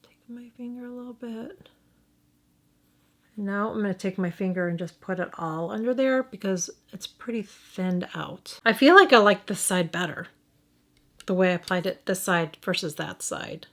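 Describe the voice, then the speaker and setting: A woman's voice: medium pitch, moderate pace. Chatty Midwestern woman reviewing makeup. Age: middle-aged. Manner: thinking aloud, hesitant, frequent restarts and self-corrections. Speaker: beauty vlogger.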